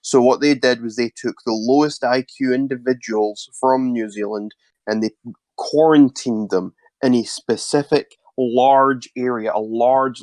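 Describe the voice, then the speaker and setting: Deadpan mock-serious man, dry close sound. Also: medium pitch, no room sound. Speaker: interviewee. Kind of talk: deadpan satirical interview answers.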